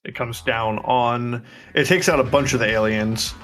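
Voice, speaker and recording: A man's voice: medium pitch, fairly even intonation, unhurried, a bit bright, faint music behind. A man co-hosting a podcast, chiming in on a movie recap in a laid-back, profane way. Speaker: podcast co-host. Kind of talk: casual movie recap chat.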